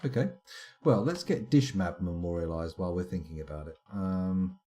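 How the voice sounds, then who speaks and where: A man's voice: low-pitched, expressive, moderate pace, warm tone. A man streaming live gameplay commentary, chatty and self-mocking with wry asides. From United Kingdom.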